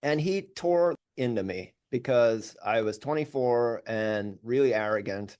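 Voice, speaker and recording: A man, a musician guest on a podcast, telling stories about his career in a candid, animated, self-deprecating way. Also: mid-range voice, a little slow, clean tone. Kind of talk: casual storytelling interview.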